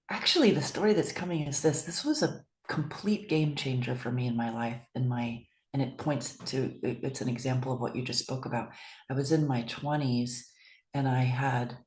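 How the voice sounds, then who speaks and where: Low-voiced woman in an echoey room. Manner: soft, thoughtful storytelling. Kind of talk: reflective conversation.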